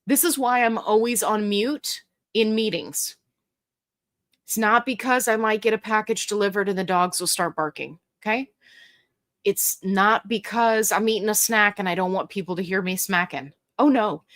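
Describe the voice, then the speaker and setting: A woman's voice: mid-range voice, moderate pace, fairly bright tone. A middle-aged woman hosting a casual livestream, chatty and jokey as she reads viewer comments aloud. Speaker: livestream host.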